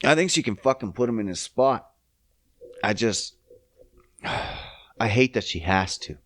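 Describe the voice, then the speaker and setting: A man in his thirties hosting a podcast, ranting casually and cursing as he swings between loud outbursts and low mutters. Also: animated, slow, no echo. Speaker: podcast host.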